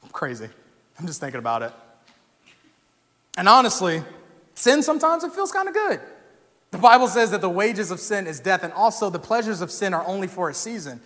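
A young man preaching a sermon in a church, talking casually and telling stories with animated energy that rises to shouts. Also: high voice, fairly quick. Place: church sanctuary. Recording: long hall reverb.

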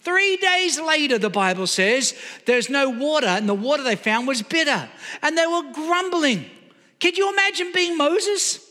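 A man preaching with a very high, piercing bright voice. He presses his points hard and keeps asking the crowd rhetorical questions. His words ring out with a long hall reverb. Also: expressive, moderate pace. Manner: emphatic, asks the audience rhetorical questions. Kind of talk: sermon.

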